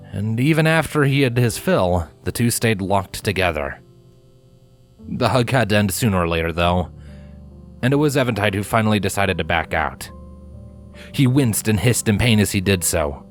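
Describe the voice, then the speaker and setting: A man reading fanfiction aloud in an expressive storytelling manner. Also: on the low side. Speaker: fanfiction reader. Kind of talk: audiobook narration. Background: faint guitar music.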